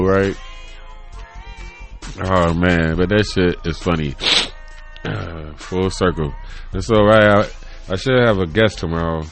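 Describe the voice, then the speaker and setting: Casting note: solo podcast host, thirties, man, low voice, loose and profane, quick laughs, faint music under him. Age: 30s. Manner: rambling, laughs often, swears freely. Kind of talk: casual solo chat. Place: home room.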